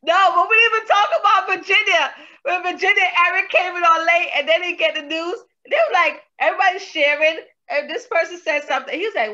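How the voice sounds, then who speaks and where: A woman vents and retells scenes with animated exasperation in a casual co-hosted chat. Her voice is high and bright. The recording sounds dull and lo-fi. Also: fairly quick. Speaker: co-host reviewing a reality show.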